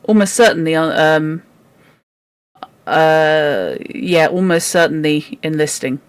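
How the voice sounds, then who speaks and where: Book club host, chatty and exasperated, mid pitch, dry close sound. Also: expressive, slow, smooth, no room sound. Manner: exasperated, chatty, swears in asides. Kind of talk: casual chat and reading aloud.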